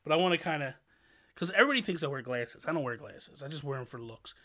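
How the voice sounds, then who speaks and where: Guy hosting a live stream, bright tense voice, kinda high, rambles on and on with lots of energy. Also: fast talker. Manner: animated, long-winded storyteller. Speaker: show host. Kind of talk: casual livestream chat.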